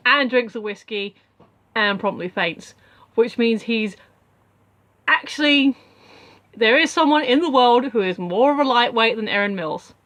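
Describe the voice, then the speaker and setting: A woman's voice: on the high side, lively intonation, a little slow, long pauses, a bit bright. Rambling woman recapping a film. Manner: rambling, with many fillers and asides. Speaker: film reviewer. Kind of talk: casual spoken film recap.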